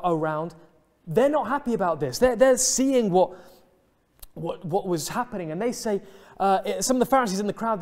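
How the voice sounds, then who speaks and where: Guy preaching a sermon, bit high voice but mellow, earnest, goes quiet and slow on the heavy bits. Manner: earnest, reflective, dips soft and slow on emotional lines. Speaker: pastor. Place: church.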